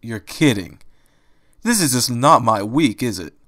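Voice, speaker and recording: Man doing a gruff, sarcastic streetwise rabbit. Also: medium pitch, lively intonation, unhurried, fairly bright tone, no echo, clean studio sound. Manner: impatient, grumbling and sarcastic. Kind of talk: fan audiobook reading.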